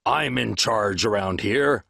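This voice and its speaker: A man's voice: fairly low pitch, slow pace, vocal fry, bright, forceful tone, no echo, clean studio sound, voice pushed down, exaggerated voice. A man voicing a proud, regal, boastful male lion in a recorded storybook reading. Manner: roaring, boastful.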